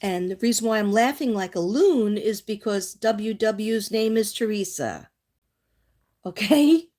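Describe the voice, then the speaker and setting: Woman, livestream psychic host, casual and reassuring, rambles, mid pitch. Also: animated, normal speed, a little mellow. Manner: chatty, reassuring, drifts off on tangents; reads from oracle cards and speaks to viewers by name.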